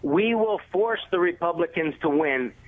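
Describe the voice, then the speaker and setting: A man from the Cleveland area phones in to a radio show to make a point, laying out his arguments with confident insistence. His voice is a little high and animated at a moderate pace, heard through a tinny telephone line.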